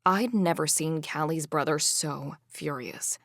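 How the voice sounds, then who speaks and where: A woman narrating a fantasy audiobook in the first person, expressive and indignant. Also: sits low, measured pace, dry recording, clean studio sound.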